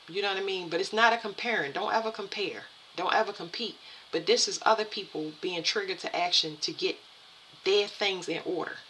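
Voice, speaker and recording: A woman giving a spiritual card reading to her viewers, halting and repeating herself as she talks. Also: on the low side, bright, forceful tone, a little hiss or hum, rough recording. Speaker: tarot and energy reader.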